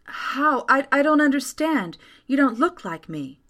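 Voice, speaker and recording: A woman reading a story aloud and voicing a timid young woman who speaks haltingly. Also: fairly low pitch, lively intonation. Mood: bewildered. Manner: hesitant, halting.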